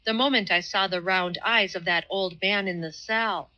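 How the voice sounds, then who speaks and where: A woman's voice: medium pitch, moderate pace, bright, forceful tone, dull audio, natural voice. A woman reading the part of an earnest, devout man who speaks with fervent, laborious care in an audiobook.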